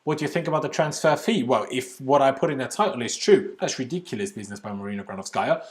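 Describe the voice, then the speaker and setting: A man's voice: medium pitch, animated, quick pace. A man with an Austrian accent hosting a casual football livestream from home, chatting loosely with British slang and answering viewer comments. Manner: casual British slang, says "bloody" often. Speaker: football channel host.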